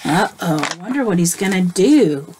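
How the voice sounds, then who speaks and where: A woman teacher reading a picture book aloud to children, gently stopping to ask them questions. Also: mid-range voice, expressive, a little hiss or hum. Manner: slow, gentle, asks the listeners questions. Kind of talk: children's story read-aloud.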